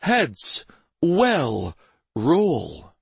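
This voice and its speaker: A man voicing a stern, commanding adult prince who speaks in measured, imperious tones, in a storybook reading. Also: medium pitch, expressive, slightly rough, dry recording, pitched above the performer's own voice.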